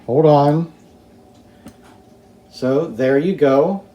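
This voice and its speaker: A man hosting a home cooking video, talking slowly and easily to viewers as he plates and tastes a dish in his kitchen. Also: on the high side, reverberant, muffled recording, slight background noise. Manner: slow, relaxed, talks to viewers while tasting. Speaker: home cooking show host. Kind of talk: casual cooking demonstration.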